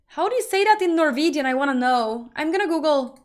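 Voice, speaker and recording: High-voiced chatty woman streamer. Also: animated, fast talker. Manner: chatty, rambling, bursts into loud laughing rants. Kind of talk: casual stream chat.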